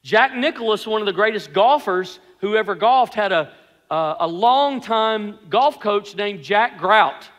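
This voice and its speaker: A man's voice: high voice, expressive, a little slow, a bit bright. A man preaching a sermon in an earnest, emphatic way, repeating his key phrases. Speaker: pastor. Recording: long hall reverb.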